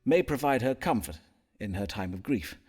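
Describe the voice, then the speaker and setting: An actor playing a learned, courteous Elizabethan astrologer and doctor who speaks in florid, archaic phrases. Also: male voice, medium pitch, animated, normal speed, a little mellow, breathy edge, soft background music. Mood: solemn. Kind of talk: period game voice acting.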